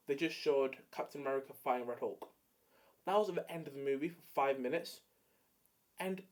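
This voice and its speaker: A man's voice: a little high, a little mellow. A young man in casual solo commentary, rambling with many fillers and jokey hot takes. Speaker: video creator ranking films.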